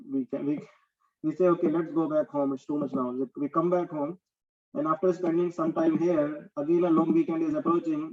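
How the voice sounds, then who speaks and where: A man teaching a scripture class, explaining patiently and chanting verses quickly. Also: a little high, far from the mic. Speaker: spiritual teacher. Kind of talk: scripture lecture. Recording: dull lo-fi recording.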